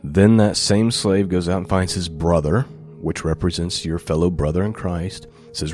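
A man's voice: low-pitched, normal speed, hardly any pauses, warm tone, soft background music. A male pastor giving a sermon, reading scripture aloud with lifted emphasis and then explaining it in plain, conversational asides.

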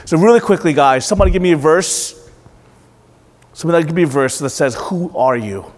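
Man, pastor, thirties, slightly high voice, interactive sermon, asks the congregation questions, long hall reverb. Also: animated, a little fast. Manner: calls for answers from the room, repeats them back with emphasis.

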